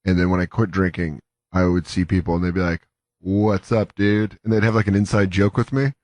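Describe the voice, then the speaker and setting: A man's voice: deep voice, fast, dry recording. A man co-hosting a comedy talk show, joking casually and acting out quoted people. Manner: animated, joking, acts out quoted voices. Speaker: comedy podcast co-host.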